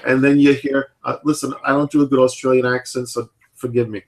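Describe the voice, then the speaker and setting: A man in his thirties chatting casually as a podcast host, rambling and filling pauses with "like" and "you know". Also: medium pitch, flat delivery. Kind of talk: casual chat.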